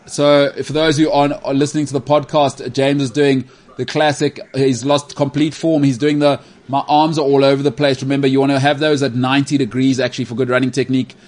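A man's voice: medium pitch, brisk. Male podcast host, teasing, casual banter. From South Africa. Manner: teasing, joking, animated.

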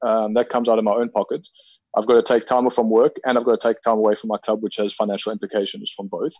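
Low flat-voiced man, measured and reflective. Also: no echo, lo-fi sound. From South Africa. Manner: measured, reflective, many ums and restarts. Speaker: field hockey player, interview guest. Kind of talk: casual interview conversation.

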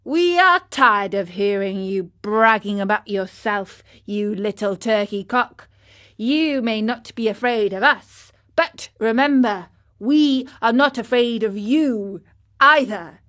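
Woman putting on bratty schoolboys, jeering, a bit high and lively, storybook. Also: slow. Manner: jeering, boastful. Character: gang of rowdy teasing schoolboys. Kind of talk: storybook reading.

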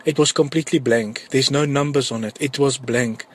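A man with a South African accent tells his testimony in an earnest, pressing way and keeps repeating key words. His voice is husky, and his pitch sits in the middle. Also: fairly even intonation, moderate pace. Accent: South African English. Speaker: churchgoer giving a testimony. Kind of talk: personal testimony of a vision.

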